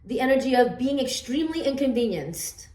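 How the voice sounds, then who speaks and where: A woman's voice: high-pitched, lively intonation, a little fast, mellow. A woman casually explaining her homemade oracle cards, rambling with fillers and stammered restarts. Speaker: oracle card reader. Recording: roomy echo, distant from the mic.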